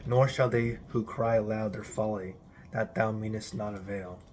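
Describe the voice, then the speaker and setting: Low-voiced man reciting solemnly. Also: steady tone, moderate pace, darkish tone, slight background noise. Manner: declamatory, intoned. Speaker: reader. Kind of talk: solemn recitation of an archaic religious text.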